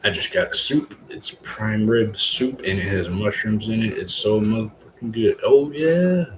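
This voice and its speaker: A low-pitched man chatting his way through a home mushroom-growing live stream. He rambles loosely, leans on "you know" and drops a casual curse now and then. The voice sits in an echoey room with a faint ambient hum behind it. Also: fairly even intonation, moderate pace, a bit bright. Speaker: livestream host, hobby mushroom grower.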